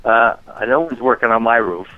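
A man's voice: medium pitch, normal speed, no room sound, faint music behind. Puzzled man on a muffled phone line. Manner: puzzled, skeptical. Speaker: call recipient.

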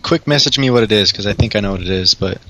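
A man's voice: fairly low pitch, fast talker, sharp tone. Hesitant man on a hissy mic. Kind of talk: casual online chat.

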